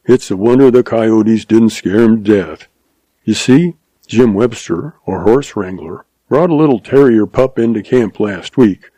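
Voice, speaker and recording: A quick-witted young cowboy spinning a tall tale with folksy ease, voiced by a male narrator. The voice is warm and mellow. It sounds close and dry, like a storybook reading. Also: on the low side, no echo. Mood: mournful. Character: young cowboy, sly and smooth-talking.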